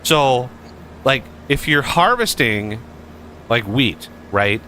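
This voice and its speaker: A man's voice: mid-range voice, animated, slow pace, sharp tone, a little hiss or hum. A man giving casual gameplay commentary as a streamer, rambling with many fillers and restarts.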